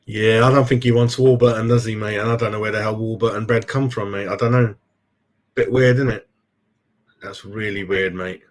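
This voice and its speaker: A man's voice: lowish voice, fairly even intonation, normal speed. A middle-aged man chatting casually on a live fan stream, calling everyone "mate" as he goes. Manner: chatty, says "mate" a lot. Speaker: fan channel host.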